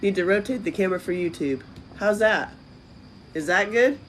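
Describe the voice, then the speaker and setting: A woman hosting a casual livestream from a friend's house on her phone, lively and chatty, reading comments aloud, her voice lower than usual today. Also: normal speed, slight background noise. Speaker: livestream host. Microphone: phone camera.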